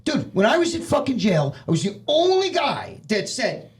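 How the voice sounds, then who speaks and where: A man's voice: extremely high pitch, moderate pace. A man guest on a podcast, telling a story casually and with swearing, acting out what other people said. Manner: profane, animated, acts out other people's lines.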